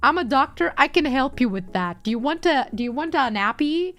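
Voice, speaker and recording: A young woman chats casually on her stream, teasing her viewers and laughing often as she reads their messages. Her voice sits high and swings widely in pitch. Quiet music plays underneath. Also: animated, a little fast. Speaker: streamer reading chat. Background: faint background music.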